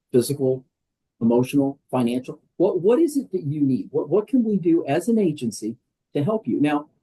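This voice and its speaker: A man's voice: on the high side, warm tone, slightly rough, rough recording. An older American man, a guest on a podcast interview, talking in a conversational, emphatic way with many fillers. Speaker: guest, wellness program leader.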